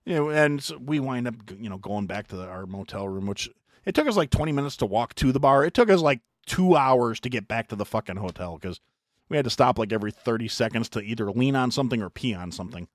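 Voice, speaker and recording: Profane, animated man telling a story. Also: mid-range voice, fast, dry recording, studio quality. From United States. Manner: profane, animated storyteller doing mock voices. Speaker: podcast host. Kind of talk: casual storytelling chat.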